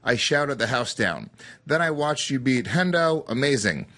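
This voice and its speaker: A man's voice: mid-range voice, sing-song, normal speed, pushed and bright. Teasing man co-hosting a chat. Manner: teasing, loose, filler-heavy. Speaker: podcast co-host. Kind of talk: casual podcast chat.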